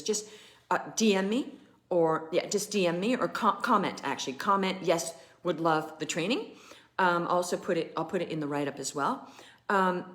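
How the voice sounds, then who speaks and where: A woman business coach talking in a chatty, animated and emphatic way to viewers of a live stream. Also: on the low side.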